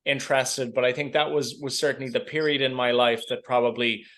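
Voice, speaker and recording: A man's voice: medium pitch, fairly even intonation, brisk, a bit bright. Hesitant Irish man in his thirties. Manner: hesitant, often repeats words while thinking. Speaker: podcast guest. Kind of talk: casual interview chat.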